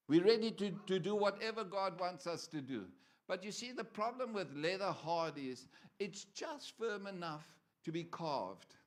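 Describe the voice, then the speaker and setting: High-voiced male preacher, joking. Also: a bit bright. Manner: conversational, joking with the congregation. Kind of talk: sermon. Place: church.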